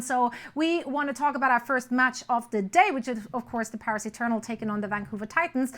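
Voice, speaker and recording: Bright, high upbeat woman host. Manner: upbeat, joking. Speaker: esports show host. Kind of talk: playful scripted hosting.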